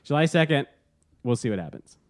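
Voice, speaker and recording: A man with an animated, swinging voice trades jokes in a casual sports podcast. He laughs easily and keeps the talk loose. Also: medium pitch, fairly quick. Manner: joking, laughs often, lively delivery. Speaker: podcast co-host.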